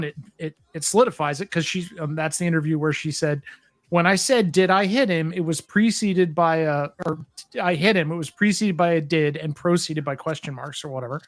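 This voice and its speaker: A man talks through a casual livestream with wry, mocking asides. His voice sits a little high for a man. The sound is dry and close, with no room echo. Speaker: co-host.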